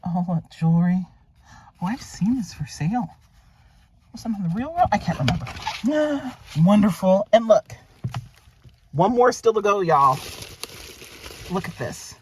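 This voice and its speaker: A woman's voice: medium pitch, expressive, unhurried, pauses often, slight background noise. A woman vlogger unboxing luxury items in a casual, gushing way, thinking aloud and exclaiming over what she finds.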